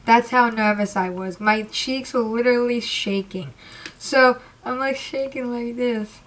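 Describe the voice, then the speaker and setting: A young woman telling an excited, rambling storytime about meeting her idols, emotional and close to tears. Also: on the high side, unhurried. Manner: gushing, rambling, says literally a lot. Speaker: vlogger.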